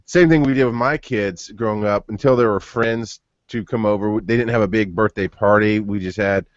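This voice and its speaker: A man's voice: lowish voice, moderate pace, no echo. Man in his thirties, casual podcast host, rambling stories, dry close sound, muffled lo-fi audio. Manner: rambling storyteller with frequent restarts. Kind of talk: casual chat.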